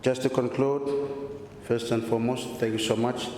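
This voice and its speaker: A man's voice: level tone, moderate pace, a little mellow. A man from the Solomon Islands giving a formal parliamentary speech, repeatedly addressing the Speaker and listing numbered points. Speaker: member of parliament. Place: large parliament chamber. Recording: echoey chamber recording with a faint rumble.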